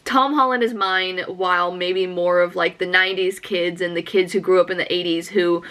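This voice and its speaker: A young woman doing film reaction commentary in an excitable, gushing, chatty way. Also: on the low side, moderate pace. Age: young adult. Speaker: movie reaction YouTuber.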